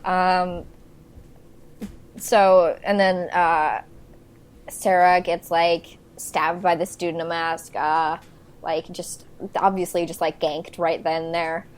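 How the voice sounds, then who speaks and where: A woman's voice: lowish voice, little pitch movement, takes it slowly, clean tone. Chatty young woman recapping a film. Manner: chatty, laughs often, recaps plot with many fillers. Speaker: podcast co-host. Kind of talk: casual movie discussion.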